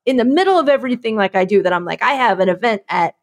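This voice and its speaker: Animated, rambling woman with a lively voice. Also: on the high side, quick pace. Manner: rambling, self-mocking, acts out her own inner voice. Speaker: podcast co-host. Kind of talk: casual chat.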